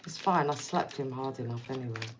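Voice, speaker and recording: A woman's voice: a bass voice, brisk, noisy background. A woman giving a casual tarot reading, speaking bluntly and repeating herself as she addresses the viewer directly. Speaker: tarot reader.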